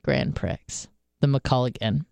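Woman, podcast host, casual chat, profane rambling storyteller, clear smooth tone, dry close sound. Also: rumbling low, fairly even intonation, unhurried, a little mellow, no echo.

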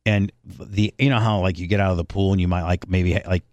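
A man's voice: low-pitched, fairly even intonation, a little fast, darkish tone, no room sound, highs cut off. A man hosting a podcast, telling stories in a blunt, profane, rambling casual chat. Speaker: podcast host.

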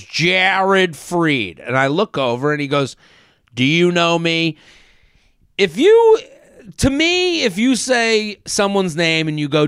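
A man's voice: on the high side, smooth, dry recording, clean studio sound. A male comedian and podcast host telling a long story, acting out quoted voices and working up into a rant. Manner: animated, acts out quoted voices, rants.

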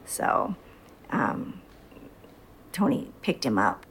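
In a casual interview, a middle-aged mother tells a story and animatedly acts out what she said back then, quoting herself with energy. Her voice is a low rumble with drawn-out words and a slight hiss or hum.

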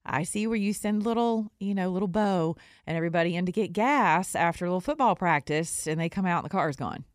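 A woman's voice: on the low side, no room sound, clean studio sound. A woman hosting her own podcast, delivering an indignant, sarcastic opinion rant. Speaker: podcast host and recording artist.

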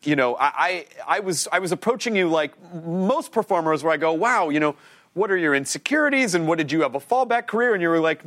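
A man hosting a studio talk show, excitable and quick, with frequent bursts of enthusiasm. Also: a little high. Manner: excitable, fast, bursts into shouts and laughs. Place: TV studio with live audience.

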